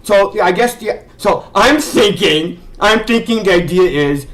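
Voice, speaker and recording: A man's voice: high voice, measured pace, fairly bright tone, poor audio. Exasperated sarcastic man ranting. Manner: exasperated, sarcastic, swears, stammering restarts. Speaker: video reviewer. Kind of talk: ranting commentary.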